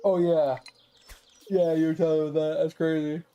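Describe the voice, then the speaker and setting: A man's voice: fairly high pitch, flat delivery, moderate pace, smooth, muffled recording. A man streaming games, telling a long rambling story from his childhood with lots of swearing and laughter. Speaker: gaming streamer. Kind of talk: casual storytelling on a game stream.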